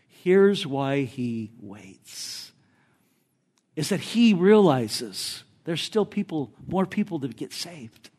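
A male pastor delivering an animated sermon, mixing teaching with a joke story. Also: on the high side, takes it slowly.

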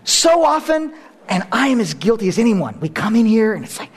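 Animated high-voiced male preacher. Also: brisk, a little hiss or hum. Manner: animated, swings from hushed to loud; playful asides and self-mocking humor. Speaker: pastor. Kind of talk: sermon.

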